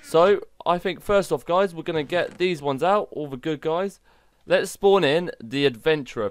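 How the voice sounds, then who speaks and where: A man hosting a gaming channel, chatting excitably and poking fun at himself while showcasing a game mod. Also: on the high side, normal speed, hardly any pauses, clean tone, no echo. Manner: excitable, chatty, self-mocking.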